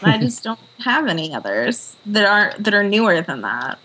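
A woman on a podcast panel, chatting in a wry, animated way. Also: medium pitch, moderate pace, slightly rough, rough recording. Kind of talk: casual chat.

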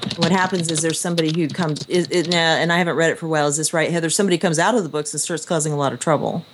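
A woman's voice: low-pitched, steady tone, very fast, a little hiss or hum. A woman hosting a podcast, talking casually and laughing easily. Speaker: podcast host. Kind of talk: casual chat.

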